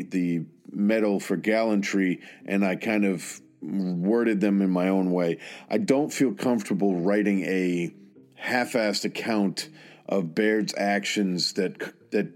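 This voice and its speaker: A man narrating a tribute in an earnest, measured and solemn way, with some hesitant asides. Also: fairly low pitch, a little mellow. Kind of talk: scripted narration.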